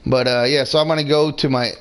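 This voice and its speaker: A man's voice: medium pitch, fairly even intonation, quick pace, fairly bright tone, a little hiss or hum. A man giving casual, rambling commentary while playing a video game, swearing freely and several beers in. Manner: rambling, profane, laid-back. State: drinking beer, several drinks in. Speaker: gamer streaming his play.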